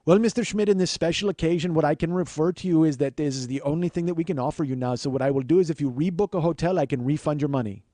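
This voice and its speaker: A man's voice: a little high, quick pace, few pauses, dark tone, no room sound, studio quality, natural voice. A man voicing a male call-center supervisor who stalls with stiff, scripted courtesy. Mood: stalling courteous. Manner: stiff, scripted, circular phrasing. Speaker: customer service supervisor.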